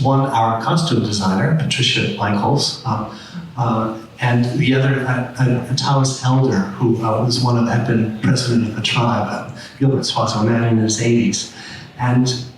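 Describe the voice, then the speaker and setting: A man hosting a panel discussion, rambling and restarting his sentences often. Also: mid-range voice. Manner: rambling, many restarts and fillers. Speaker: artistic director hosting a panel. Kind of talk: roundtable discussion. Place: large room at a public panel. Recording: echoey room, mic far off, faint noise.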